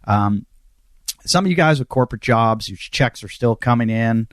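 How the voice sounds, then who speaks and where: A man's voice: mid-range voice, expressive, moderate pace, dry recording, studio quality. A middle-aged man hosting a podcast, delivering a rambling, self-mocking comedic monologue. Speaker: podcast host.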